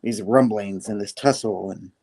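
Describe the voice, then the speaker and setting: A man's voice: fairly low pitch, normal speed, a little mellow. A man recapping a comic issue in a casual, rambling way, full of fillers and quoted lines. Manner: rambling, filler-heavy, quoting characters. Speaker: comic book reviewer.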